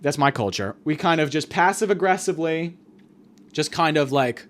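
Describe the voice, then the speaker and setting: A man hosting a podcast, rambling through a crude comedic monologue full of fillers and deadpan exaggeration. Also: on the high side, moderate pace. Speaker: podcast host.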